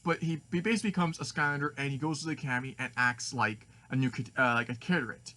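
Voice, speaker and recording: A man talks through a fan story idea in a rambling, stop-start way. His voice is bright and sits at a middle pitch. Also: quick pace. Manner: rambling, full of restarts and fillers. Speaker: fan video maker.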